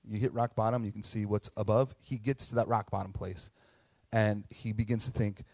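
A man preaching in a casual, animated way, often checking in with tag questions. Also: on the low side, normal speed, dry recording. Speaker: pastor. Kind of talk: conversational sermon.

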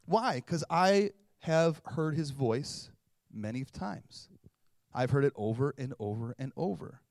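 A man in his thirties delivers a relaxed sermon as a pastor, chatty and animated, slipping into little voices to act out stories. His voice sits a touch high. The sound is dry and close. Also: normal speed, dry recording. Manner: conversational, animated, acts out voices. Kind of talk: casual sermon.

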